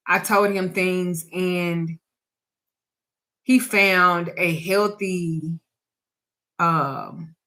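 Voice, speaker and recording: A woman spiritual teacher talks in a relaxed, personal way on a live stream. Her somewhat low voice has a bright, forceful edge. She tells her story candidly and reflectively, often trailing off and restarting her sentences. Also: extremely slow, long pauses.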